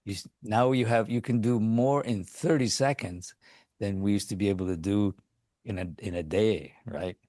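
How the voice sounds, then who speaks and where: A man hosting a podcast, talking in a casual, halting way with frequent repeated words and restarts. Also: on the low side, dark tone, dry recording, clean studio sound. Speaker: podcast host. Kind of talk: casual conversation.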